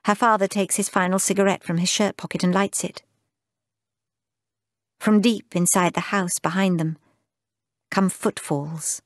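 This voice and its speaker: A woman narrating a literary audiobook in a measured, lyrical, unhurried way. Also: fairly low pitch, steady tone, no room sound, studio quality.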